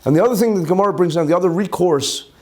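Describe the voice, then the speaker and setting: High-voiced rabbi teaching Talmud. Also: male voice, racing. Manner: explains each term twice, Hebrew and Yiddish mixed in; lively, rhetorical questions. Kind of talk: Talmud class lecture.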